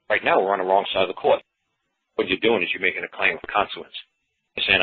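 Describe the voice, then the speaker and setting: A low-pitched, slightly rough-voiced man talks very fast as the host of a call-in talk show, explaining things in a blunt, folksy, rambling monologue. The audio has a tinny phone-line sound.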